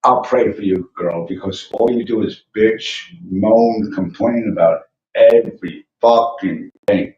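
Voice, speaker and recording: A low-voiced man rambles through a livestream, venting and cursing between fillers. He sits back from the mic in a roomy space, and the sound is muffled and lo-fi with faint hiss. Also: unhurried, a little mellow, far from the mic. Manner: rambling, venting rant with frequent profanity and fillers. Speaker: livestream host. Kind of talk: casual livestream chat.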